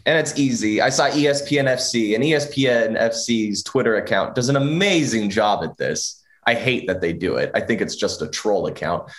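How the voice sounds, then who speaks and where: A man's voice: on the low side, normal speed, hardly any pauses. A man co-hosting a sports talk show, chatting casually and teasing with frequent laughs.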